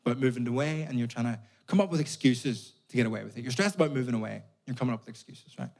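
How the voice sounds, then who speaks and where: A man with a Northern Irish accent voicing his patient, soothing mother, speaking slowly and reassuringly, with an audience laughing around him. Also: mid-range voice, close to an everyday voice. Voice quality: slow, calm and reassuring. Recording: live audience laughter in a venue.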